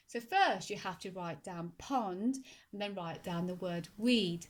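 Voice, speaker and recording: A woman teaching a phonics lesson to young children, speaking slowly and clearly and sounding out words syllable by syllable. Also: on the low side, lively intonation. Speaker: primary school teacher.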